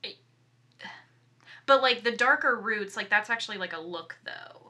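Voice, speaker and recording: An animated woman chatting on a podcast, reviewing a film with plenty of emphasis. Her voice is very bright and forward, and she often restarts her sentences as she works up to a point. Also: medium pitch, normal speed. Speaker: podcast co-host. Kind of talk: casual movie review chat.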